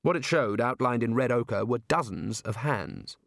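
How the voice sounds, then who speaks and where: A man narrating an audiobook in a wry, deadpan manner, close to the mic. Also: medium pitch, measured pace, gravelly, no room sound.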